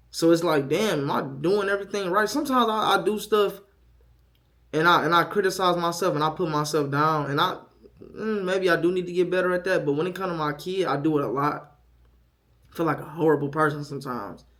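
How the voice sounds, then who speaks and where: A young man talking candidly to camera as a first-time father, frank and profane, moving from quiet self-doubt to loud, animated storytelling. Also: a little high, brisk.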